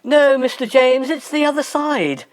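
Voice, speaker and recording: A man putting on a high, coy voice for a fussy, prim sibling in a comedy sketch. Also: expressive, measured pace. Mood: coy confiding.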